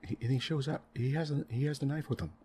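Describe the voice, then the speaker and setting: A man in soft-spoken gaming commentary, rambling and exasperated as he rants about a game's story, full of "right?" and "you know" fillers. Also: mid-range voice, fast talker, a little hiss or hum. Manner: rambling, exasperated ranting about a game plot; frequent tag questions and fillers. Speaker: gaming channel host.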